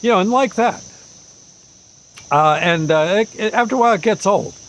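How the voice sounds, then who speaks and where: A man's voice: high-pitched, lively intonation, normal speed, a bit bright, a little hiss or hum, poor audio. A man in his seventies telling a personal story in a rambling, folksy way full of fillers. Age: 70s. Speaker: vlogger. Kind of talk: casual storytelling.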